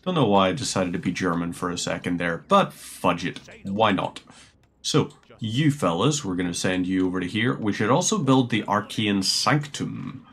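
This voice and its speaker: Rambling low-voiced male game streamer. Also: very animated, moderate pace, a bit bright. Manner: rambling, chatty, muses aloud while playing. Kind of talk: casual gameplay commentary.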